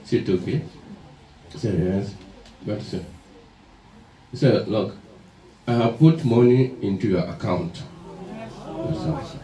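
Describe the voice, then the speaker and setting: A man's voice: lowish voice, a little slow, pauses often. A male sheikh giving a religious talk in a mosque hall, telling a story and acting out the dialogue. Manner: animated storyteller, acts out dialogue. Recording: echoey hall, from far off.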